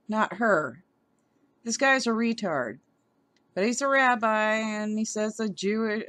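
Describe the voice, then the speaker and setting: Woman vlogger, indignant, slow deliberate delivery, dry close sound, trips over words. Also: on the high side, dry recording. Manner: heated, stumbling over words. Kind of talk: indignant commentary reading an article aloud.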